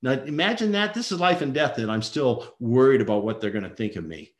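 A man's voice: mid-range voice, animated, fairly quick, roomy sound. A middle-aged man earnestly telling a personal story as a father, acting out the voices of people in it. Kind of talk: emotional personal testimony.

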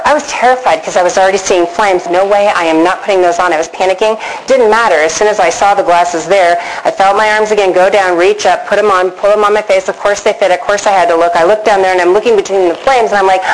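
An earnest woman speaking to a group and recounting her personal story in an emotional, heartfelt way. Her voice sits in a middle range and leaps higher when she acts out her own past thoughts. A faint hiss of room noise sits behind her. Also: poor audio. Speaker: storyteller recounting a near-death experience. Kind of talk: personal testimony to an audience.

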